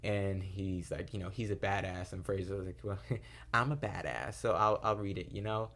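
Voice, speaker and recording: A man's voice: deep voice, level tone, normal speed. A young man casually recapping a TV episode, rambling with lots of fillers and acting out quoted lines. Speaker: TV episode reviewer.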